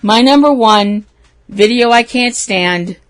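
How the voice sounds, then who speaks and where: A woman's voice: fairly high pitch, slow pace. A woman co-hosting a casual talk show, telling a story with lots of laughs and animation. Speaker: podcast co-host. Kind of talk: casual chat.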